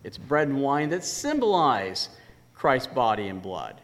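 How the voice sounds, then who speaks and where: Animated male preacher in a reverberant church. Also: mid-range voice. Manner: animated, emphatic preaching with slowed stressed words. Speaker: pastor. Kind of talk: sermon.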